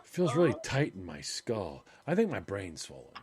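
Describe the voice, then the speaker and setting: Jokey man with a lively voice. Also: on the low side, normal speed, over a noisy crowd. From half Irish, half German heritage. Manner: jokey, acts out quoted voices, stammers on restarts. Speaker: podcast co-host. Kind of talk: casual chat.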